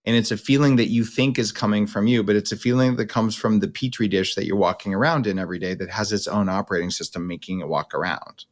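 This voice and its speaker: A man's voice: on the low side, fast talker, hardly any pauses. A middle-aged man hosting a podcast, coaching his guest and explaining at length in a blunt, casual way. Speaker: podcast host. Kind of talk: coaching conversation.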